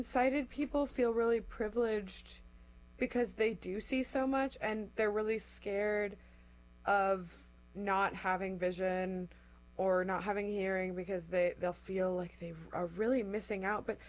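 A young woman chatting casually, telling a lively story. She acts out what people said and drops "like" into nearly every sentence. Her voice sits in an ordinary middle range. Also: medium pitch, takes it slowly. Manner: animated, acts out quotes, says "like" often.

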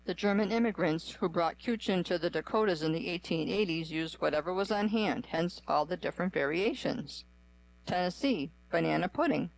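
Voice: mid-range voice, normal speed, gravelly, rough recording. A narrator giving a scripted, evenly read-aloud run through a list.

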